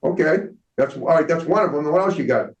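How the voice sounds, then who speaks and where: A man's voice: on the high side, quick pace, a little hiss or hum. A man hosting an interview, asking rambling questions and repeating words. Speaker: interview host. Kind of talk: casual interview chat. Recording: roomy, distant, dull audio.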